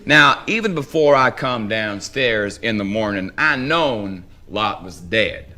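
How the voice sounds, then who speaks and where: A man's voice: fairly low pitch, animated, sharp tone. Drawling Southern man reading a story aloud. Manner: slow drawling first-person storytelling, wry. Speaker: reader. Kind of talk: live dramatic reading of a story.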